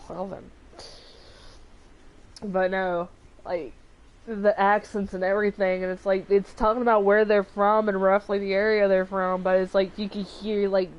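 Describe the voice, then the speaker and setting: A woman's voice: mid-range voice, highs cut off, a little hiss or hum. A chatty woman with a Southern US accent talks through a video game. She rambles and gushes in a middle-range voice. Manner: chatty, effusive. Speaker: let's play host. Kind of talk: gaming commentary.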